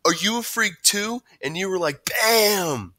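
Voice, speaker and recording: An excitable young schoolboy from a storybook, played by a man with his voice lifted high. The delivery is animated and bright. Close, dry sound. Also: a little slow, no echo, heavily acted. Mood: excited. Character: wide-eyed young boy, friend of the narrator.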